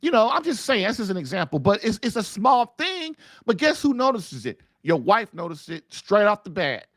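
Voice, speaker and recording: A man's voice: sits high, big pitch swings, normal speed, dry recording, clean studio sound. A middle-aged man hosting a live call-in show, giving marriage advice to men in a casual, repetitive, colloquial way and calling his listeners man and dude. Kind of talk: live-stream talk, casual preaching to men.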